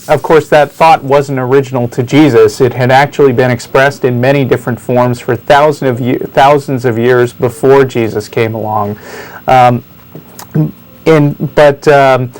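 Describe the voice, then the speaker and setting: A man co-hosting a call-in talk show, explaining his ideas in a thoughtful, halting manner. He pauses often and restarts his sentences. His voice sits at an ordinary middle pitch. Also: darkish tone, low-quality recording. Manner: thoughtful, hesitant, many fillers and restarts. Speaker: co-host.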